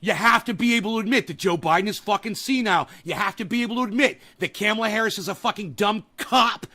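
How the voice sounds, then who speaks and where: A man hosting a political podcast, ranting profanely and breaking into shouts. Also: extremely high pitch, animated, brisk, hardly any pauses. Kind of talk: angry political rant.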